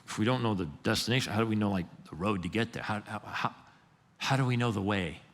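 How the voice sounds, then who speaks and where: A man's voice: fairly low pitch, quick pace, natural voice. A man voicing a confused male disciple who keeps asking questions in a raised, bewildered voice. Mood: exasperated. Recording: long reverb of a church hall.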